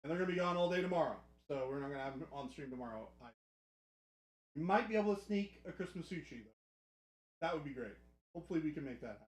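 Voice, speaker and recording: A man's voice: fairly high pitch, expressive, fast, long pauses, roomy sound. A man hosting a live hobby stream, chatting casually and joking with the chat. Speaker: livestream host. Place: hobby studio.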